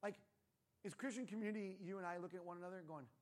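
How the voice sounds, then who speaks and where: A man's voice: sits high, rapid-fire. A male pastor giving a casual, conversational sermon in a church room, often tossing in rhetorical questions like "right?".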